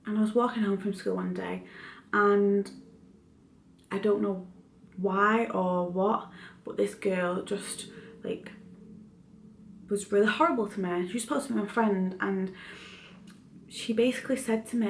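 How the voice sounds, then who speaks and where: A woman's voice: medium pitch, fairly even intonation, measured pace, long pauses, slight background noise. A young woman telling a personal story in a rambling, casual vlog, with lots of fillers and restarts. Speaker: vlogger. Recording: echoey room.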